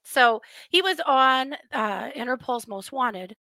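A woman's voice: high voice, animated, slow, pushed and bright, no room sound. A woman hosting a livestream, chatting casually with her viewers about a wild crime case, rambling through asides and laughing often. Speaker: livestream host reading viewer comments.

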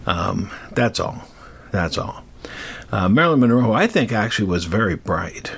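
Husky older man telling a rambling story. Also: lowish voice, moderate pace. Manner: rambling, digressive, animated. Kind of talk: casual storytelling.

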